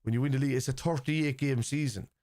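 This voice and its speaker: An Irish man hosts a live football watchalong, chatting casually and reading viewer messages aloud with blunt opinions and free swearing. He speaks quickly in a mid-range, darkish voice on a dry recording.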